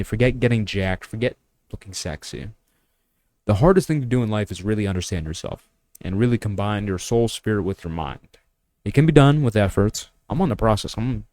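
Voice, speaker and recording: A man's voice: lowish voice, a little mellow, dry recording. A young man vlogging mindset and money advice in a blunt, preachy way, firing off rhetorical questions with crude asides. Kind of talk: casual talking-head monologue.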